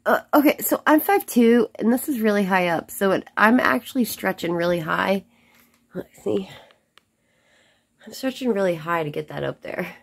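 A young woman vlogger chatting casually to camera, chatty and quick to apologize. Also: mid-range voice, creaky, breathy edge. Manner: chatty, apologetic, says y'all.

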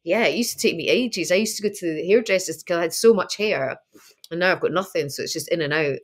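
A woman's voice: on the low side, fast. A woman in her fifties with a Scottish accent, chatting as an interview guest and laughing often. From Scotland. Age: 50s. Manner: chatty, laughing, acts out quoted voices. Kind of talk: casual interview chat.

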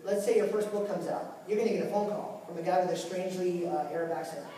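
Recorded from far off in an echoey, large convention hall, a male author speaks on a panel that includes audience Q&A. He is casual and energetic, with frequent stammers and repeated words, talking quickly in a high voice as a crowd murmurs behind him.

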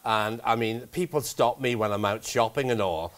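A man, a former TV presenter chatting as a guest with quick wit. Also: mid-range voice, a bit bright. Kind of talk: casual chat show banter.

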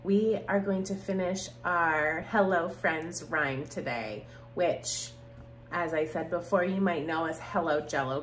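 A woman teaching preschoolers in a video lesson, slow and sing-song, climbing high on rhymes and praise. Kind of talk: video lesson for young children. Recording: echoey room, faint hum.

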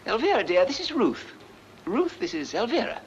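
A woman's voice: a little high, big pitch swings, normal speed, slight background noise. A woman voicing a flustered, exasperated husband who sees a ghost, in a radio play reading. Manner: agitated and exasperated. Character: flustered middle-aged English husband seeing a ghost. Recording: dull lo-fi with faint music.

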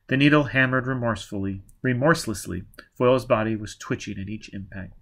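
A man narrating an audiobook in a plain, steady reading manner. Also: on the low side, brisk, hardly any pauses. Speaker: audiobook reader.

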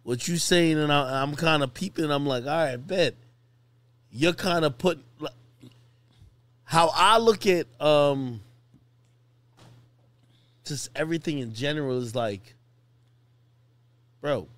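An excitable man with a high voice talks slangy podcast chat. He keeps breaking in with eager questions. The recording is dry and close. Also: slow pace, long pauses, dry recording. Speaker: podcast host. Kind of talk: casual chat.

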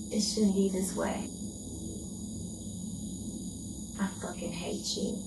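A woman's voice: fairly high pitch, slow pace, very noisy. An actress performing dramatic poems as an abused young woman, with a raw, pleading delivery. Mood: hushed. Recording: echoey room.

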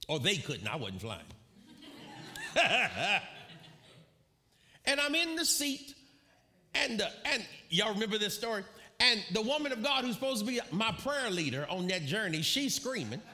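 A man preaching a sermon, telling a story with animated, shouted quotes and bursts of laughter. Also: sits high, a little slow, pauses often. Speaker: pastor.

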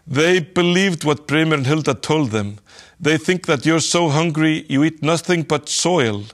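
Jeering, loud, boastful storybook mocker voiced by a man. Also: fairly high pitch, a little slow, natural voice. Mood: mocking. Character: mocking boastful man who laughs at others.

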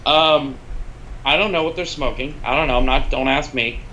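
Bright-voiced man telling lively stories. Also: medium pitch, normal speed, slight background noise, rough recording. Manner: animated, swears freely, uses filler words. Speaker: guest, film cinematographer. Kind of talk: casual storytelling in a podcast interview.

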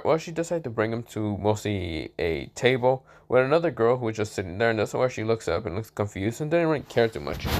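A man's voice: medium pitch, a bit bright, a little hiss or hum. A man casually narrating a fan story, rambling with many fillers and casual swearing.

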